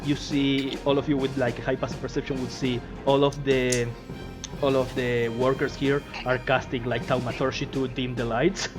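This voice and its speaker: A man's voice: mid-range voice, little pitch movement, moderate pace, music in the background. A man narrating as game master, rambling with restarts and frequent laughs. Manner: rambling, many fillers and restarts, laughs often.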